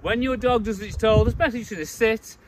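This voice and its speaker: A man's voice: fast, noisy background. A man giving blunt, opinionated dog-training advice to camera, outdoors. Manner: blunt, opinionated, mocks baby talk in a high voice.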